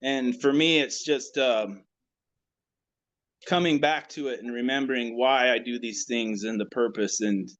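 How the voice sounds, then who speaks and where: Guy, reflective and halting, keeps restarting, muffled lo-fi call audio. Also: mid-range voice, a bit bright. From United States. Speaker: class participant. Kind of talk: personal reflection on a video call. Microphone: video call.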